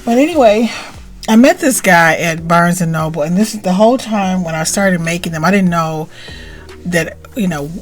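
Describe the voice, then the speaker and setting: A woman's voice: fairly low pitch, animated, moderate pace, soft background music. A middle-aged woman hosting her own channel, telling a personal story in a rambling, chatty way that keeps interrupting itself. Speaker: channel host. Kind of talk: casual storytelling to camera.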